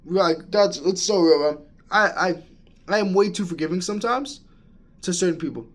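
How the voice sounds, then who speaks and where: Rambling young man, slightly high voice. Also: moderate pace. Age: young adult. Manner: rambling, frequent restarts and "bro". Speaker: college student. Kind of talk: casual vlog rant.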